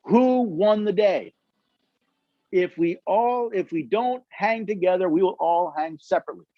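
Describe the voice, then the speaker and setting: Guy lecturing on the constitution, kinda high voice, dry dull lo-fi sound, tells stories and acts out the quotes. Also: unhurried, no room sound. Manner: emphatic storytelling, acts out quotes. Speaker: speaker at a constitution study session. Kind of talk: lecture with audience questions.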